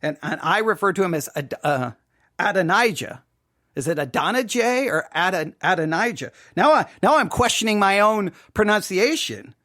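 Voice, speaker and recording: Guy reviewing a sermon, high voice that jumps around a lot, keeps restarting sentences, dry close sound. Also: expressive, fairly quick, few pauses, fairly bright tone, no echo. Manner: thinks aloud with restarts, self-questioning. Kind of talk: casual commentary.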